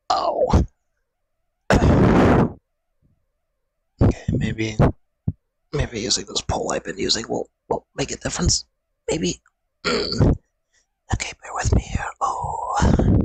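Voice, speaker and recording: Very animated yet a little slow, a young man speaks in a gravelly, slightly rough medium-pitched voice, pausing often, with no echo and poor audio. Streaming from his home through a desk mic, he's in pain and short of breath, groaning, swearing and talking to himself as he chats casually to viewers.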